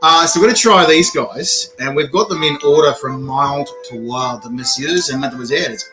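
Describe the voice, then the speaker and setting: An Australian man hosts with a loose, chatty manner, cracking jokes and laughing between lines. His voice sits a little on the high side. Music runs clearly in the background. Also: moderate pace. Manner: jokey, laughs often, chatty. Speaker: host of a hot sauce review show. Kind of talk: casual chat.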